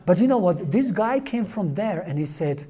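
Earnest man with a mellow voice. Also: high voice, expressive, breathy edge. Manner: earnest, halting, with many fillers and restarts. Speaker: lay Catholic speaker. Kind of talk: informal religious talk.

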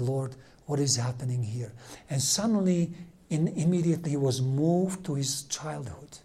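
Male preacher, warm low timbre, storytelling sermon with slow emphatic phrasing and hushed drops. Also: breathy edge.

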